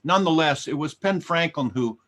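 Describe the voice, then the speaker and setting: A man's voice: fairly high pitch, lively intonation, fairly quick, a bit bright. Joking male interview host. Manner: jokey, conversational. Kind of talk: interview talk.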